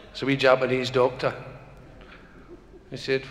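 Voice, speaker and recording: A man's voice: a little high, normal speed. A Scottish man doing live stand-up, telling jokes with rambling, chuckling asides. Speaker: stand-up comedian. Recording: echoey live hall recording with noise.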